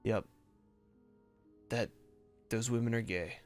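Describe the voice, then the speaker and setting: Male gamer, mid pitch, casual and profane, reads in-game letters aloud, light music under. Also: steady tone, slow pace. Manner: profane, blunt, reacting with frustration. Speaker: let's play gamer. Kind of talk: casual gameplay commentary and reading game text aloud. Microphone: desk microphone.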